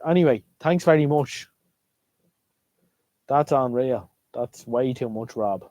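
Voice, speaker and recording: A middle-aged Irish man with a mellow, warm voice, chatting to his viewers on a live stream. He rambles along and repeats himself, and the sound is close and dry. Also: mid-range voice, slow pace, no room sound. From Ireland. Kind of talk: casual live stream chat.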